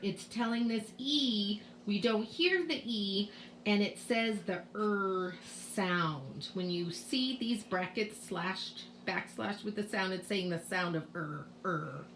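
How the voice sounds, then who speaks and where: A woman's voice: medium pitch, slow pace, fairly bright tone, slight background noise. A middle-aged woman teacher with a Boston accent, explaining spelling rules to parents in a home video lesson, patiently sounding out letters. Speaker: kindergarten teacher.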